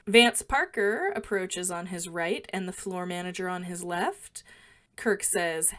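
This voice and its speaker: A woman's voice: on the low side, unhurried, fairly bright tone. A woman co-hosting a podcast, recounting film scenes in careful detail and quoting the dialogue in a matter-of-fact way. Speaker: podcast co-host. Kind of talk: casual podcast chat, describing film scenes.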